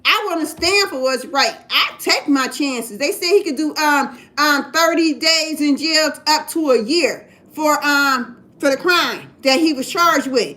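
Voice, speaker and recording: A woman's voice: sits high, unhurried, hardly any pauses, sharp tone. A middle-aged woman telling her own story in casual talk, emphatic and often checking that the listener understands. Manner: emphatic, keeps asking "you understand?". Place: in Ohio.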